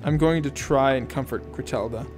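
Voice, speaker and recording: A man voicing a stern, alarmed middle-aged mother who scolds in a raised, sharp tone in an audiobook reading. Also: medium pitch, moderate pace, soft background music, close to an everyday voice. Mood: cold stern.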